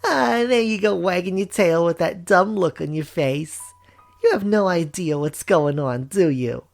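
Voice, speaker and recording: A man's voice: sits high, a little slow, creaky, soft background music. Maria, a man voicing a brusque tomboyish young woman. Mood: playful. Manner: brusque, teasing. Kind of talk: visual novel voice acting.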